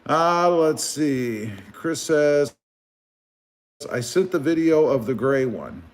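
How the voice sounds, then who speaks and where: A man from South Texas hosting a casual car livestream on a phone, reading viewer comments in a relaxed, rambling way. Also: fairly high pitch, takes it slowly. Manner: relaxed, rambling with many fillers. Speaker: car channel host. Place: live stream over phone.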